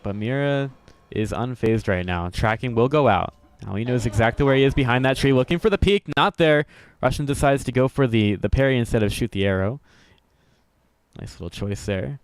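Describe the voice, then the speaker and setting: Smooth-voiced upbeat male game commentator. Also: medium pitch, brisk, no room sound. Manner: upbeat, jokey, self-deprecating, chuckles often. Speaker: esports commentator.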